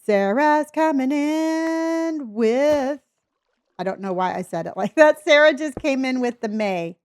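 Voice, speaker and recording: A woman's voice: mid-range voice, expressive, brisk, no room sound, studio quality. An older woman streaming a building game, chatting with her viewers and thinking aloud as she works. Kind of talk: casual live-stream chat while building.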